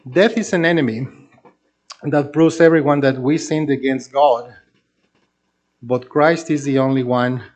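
A man preaching a sermon, earnest and emphatic, slowing down to stress key phrases. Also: mid-range voice. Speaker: pastor.

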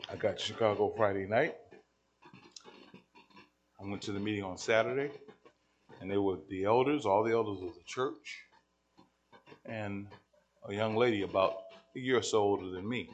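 A man with a low voice delivers a sermon as a story. He acts out each person in the exchange, and his volume runs from near whispers to loud, emphatic cries. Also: normal speed, pauses often. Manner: acts out dialogue, swings from hushed to shouting. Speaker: preacher.

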